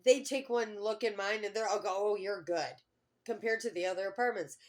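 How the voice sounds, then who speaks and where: A woman's voice: medium pitch, a little fast. A middle-aged woman talking to her camera in a casual personal vlog, rambling and heartfelt, often trailing off mid-thought. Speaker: vlogger.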